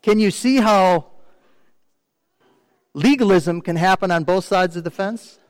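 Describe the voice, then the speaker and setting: A man preaching a sermon in a high voice, talking to the congregation conversationally and often asking them questions. His voice carries a long reverb from a big room, but the sound close to the mic is dry. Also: normal speed. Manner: mimics complainers in quoted asides. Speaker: pastor.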